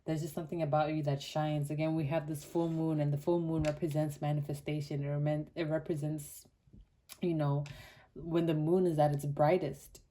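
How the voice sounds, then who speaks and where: Young woman from Botswana, low mellow tone, animated casual tarot reader. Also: normal speed, a little hiss or hum. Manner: chatty and animated, many "like" fillers, laughs often. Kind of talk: casual pick-a-card tarot reading.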